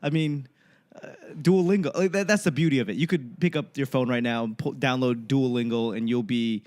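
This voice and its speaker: Profane, animated male podcast host. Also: mid-range voice, fairly quick. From United States. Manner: profane, animated storytelling with acted-out quotes. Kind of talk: casual chat.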